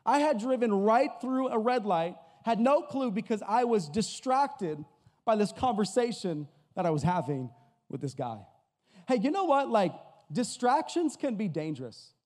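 A male pastor from Massachusetts preaching a sermon, telling a story with a joking, energetic delivery. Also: high voice, normal speed. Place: church hall before an audience. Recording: hall with long reverb.

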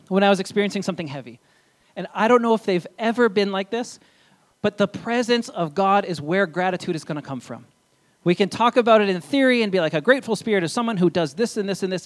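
A man's voice: high voice, animated, fast talker. A young adult man preaching a sermon in church, in a casual, conversational way with asides. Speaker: pastor.

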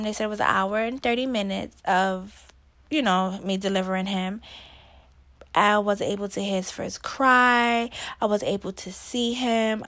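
A woman's voice: medium pitch, a bit bright. Young woman, casual storyteller, candid and emotional, everyday mid-range voice, lots of fillers. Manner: candid, emotional, laughs through a hard story, many fillers. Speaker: podcast host.

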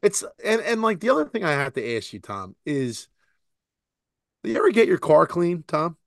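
A man's voice: fairly high pitch, very animated, moderate pace, no echo, studio quality. Rambling, profane man in his forties. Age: 40s. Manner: rambling, laughing, profane storytelling. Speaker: podcast co-host. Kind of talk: casual chat.

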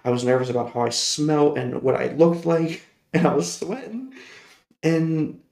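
A man's voice: fairly high pitch, moderate pace, vocal fry, darkish tone. A man hosting a personal storytelling podcast, rambling and correcting himself as he goes, laughing often. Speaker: podcast host. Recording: roomy echoey recording.

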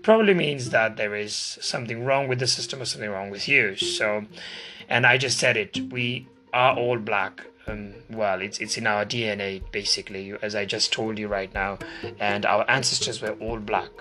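A man's voice: on the low side, moderate pace, bright, forceful tone. A man from Asia giving a casual, informal lecture as a video host, chatty and hesitant with many fillers and asides. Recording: music playing behind.

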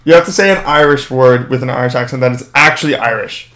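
A man's voice: mid-range voice, fast talker, fairly bright tone, echoey room. A man co-hosting a casual podcast, joking and laughing with his friends. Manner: joking, laughing, tipsy banter. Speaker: podcast co-host. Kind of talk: casual chat.

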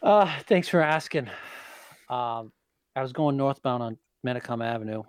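A man's voice: medium pitch, normal speed, clean tone, dry recording. Male podcast co-host, swears freely, plain mid voice, dry close sound. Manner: profane, matter-of-fact. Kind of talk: casual chat, storytelling.

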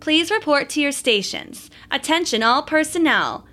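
A woman's voice: high-pitched, lively intonation, normal speed, sharp tone, voice pushed up. A woman doing an impersonal station announcer. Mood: formal. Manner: formal, clipped.

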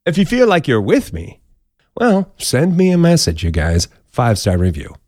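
A man's voice: medium pitch, huge pitch swings, normal speed, darkish tone, dry recording, clean studio sound. A man hosting a podcast, counting down odd news stories in a casual, jokey way with playful asides. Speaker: podcast host.

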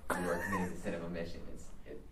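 A man's voice: deep voice, flat delivery, racing. A man in a study group offering a thoughtful, somewhat hesitant point. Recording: roomy, distant, with background noise.

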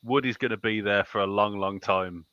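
Guy joking around on a podcast, low bright voice, kinda dull dry mic. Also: steady tone, moderate pace, smooth, no room sound. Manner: giggly, joking. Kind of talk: casual podcast banter.

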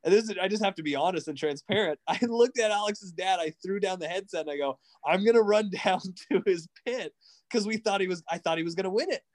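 Animated man telling a story. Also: high voice, quick pace, few pauses. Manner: animated, excitable, acts out quotes. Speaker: guest, racing driver coach. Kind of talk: casual storytelling.

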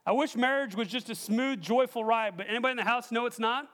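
Young male pastor with a high voice, preaching emphatically and putting questions to the congregation. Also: fast talker, a bit bright. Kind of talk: sermon.

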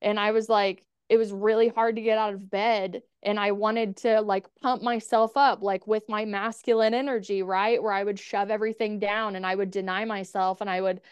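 A woman's voice: medium pitch, little pitch movement, moderate pace, hardly any pauses, clear, resonant tone, dry recording, lo-fi sound. A woman guest on a podcast, telling a personal story in a frank, casual way, with blunt swearing and lots of "like". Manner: frank, swears freely, many "like" fillers.

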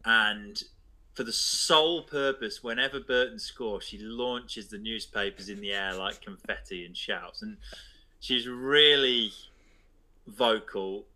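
A man's voice: on the low side, slow pace, sharp tone, low-quality recording. A man co-hosting a podcast in casual chat, telling rambling anecdotes. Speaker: podcast co-host.

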